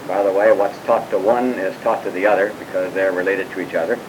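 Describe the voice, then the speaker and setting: A man's voice: low-pitched, fairly even intonation, a little fast, background noise. A man teaching a Bible class, explaining passages and putting questions to his students, with frequent asides and hesitations.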